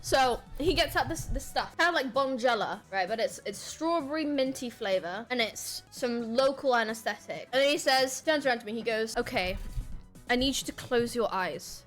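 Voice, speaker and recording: A young woman streamer telling a story casually, animated and swearing, laughing often. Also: high voice, moderate pace, few pauses, soft background music.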